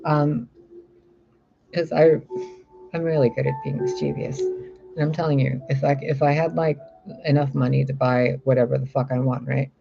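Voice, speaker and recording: Gravelly-voiced man rambling excitedly. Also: medium pitch, moderate pace, long pauses. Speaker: spiritual reader. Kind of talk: casual rambling monologue. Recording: slightly muffled with faint music. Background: faint music.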